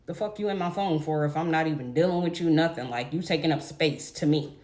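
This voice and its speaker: A woman's voice: deep voice, fairly quick, darkish tone. A young adult woman telling a story in a casual, blunt, profane rant to her viewers. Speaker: vlogger.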